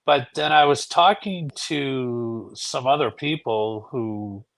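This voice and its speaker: Here is a young Canadian man chatting casually on a podcast. He tells his story in a halting, rambling way, full of restarts and fillers. His voice sits at an ordinary middle pitch for a man. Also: creaky, fairly bright tone. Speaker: podcast guest. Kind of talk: casual chat.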